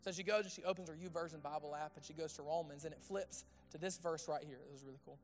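A man preaching a sermon in a conversational way, asking the audience questions and dropping to a hushed tone on intimate points. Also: on the high side, fairly even intonation, fast. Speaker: pastor.

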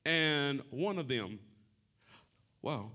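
A man preaching a sermon, calling out to the congregation and shifting between loud shouting and soft, conversational talk. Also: a little high, lively intonation, drawn-out words. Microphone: wearing a mic.

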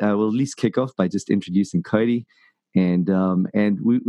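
A man's voice: on the low side, warm tone, dry recording. A man hosting a casual podcast chat, rambling and jokey, full of ums and restarts. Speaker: podcast host.

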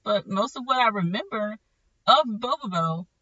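Bright, rambling podcaster, slightly off-mic. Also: mid-range voice, moderate pace, distant mic. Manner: rambling and animated, often correcting themself mid-sentence. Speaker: podcast host. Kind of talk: casual solo podcast chat about an anime. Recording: dull, lo-fi sound from slightly off the mic.

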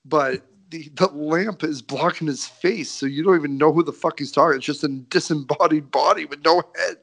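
A man's voice: fairly high pitch, moderate pace, gravelly, a bit bright. A man co-hosting a podcast, chatting casually about wrestling with dry wisecracks. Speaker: podcast co-host. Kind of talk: casual wrestling recap chat.

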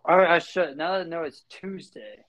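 Chill guy, slightly high voice, agreeing along on a podcast. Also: moderate pace, a bit bright, dull audio. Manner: agreeable, easygoing. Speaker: co-host. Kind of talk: casual podcast chat.

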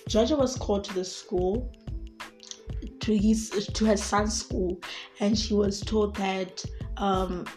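Woman, podcast host, casual commentary, emphatic, repeats herself, middle pitch. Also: fairly even intonation, slow, a little mellow, soft background music. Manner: emphatic, repeats herself, addresses listeners as guys.

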